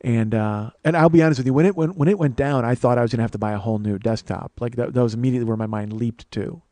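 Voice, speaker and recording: A male comedian tells a long story in an animated, profane way, restarting his sentences as he goes. His pitch sits in the middle of the range. The recording is dry and close. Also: quick pace, no echo.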